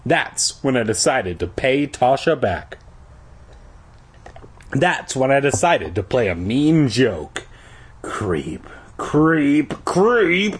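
A man's voice: takes it slowly, pauses often, breathy edge. A man reading a children's book aloud in a comedic way, adding crude joking asides. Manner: lively, rises high for quoted lines. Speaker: reader.

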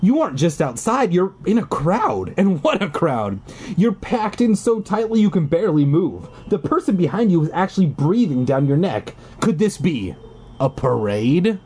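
A man reading a choose-your-path book aloud, animated, with sarcastic asides. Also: fairly high pitch, normal speed, slightly rough.

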